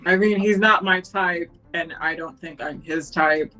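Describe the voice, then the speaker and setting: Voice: medium pitch, a little slow, bright, forceful tone, soft background music, low-quality recording. A player at a tabletop game, joking crudely and bluntly. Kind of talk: casual game-table banter.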